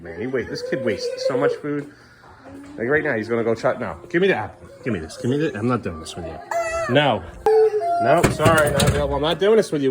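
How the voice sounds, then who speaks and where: In a very noisy bathroom at home, a parent shoots a casual vlog, talking firmly yet patiently to two young kids and venting to the camera between moments. The voice is medium in pitch.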